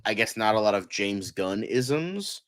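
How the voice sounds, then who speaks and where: A low-voiced man co-hosts a loose live-stream chat. He rambles through his points with plenty of fillers and swears freely. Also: big pitch swings, a little slow, a bit bright. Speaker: co-host.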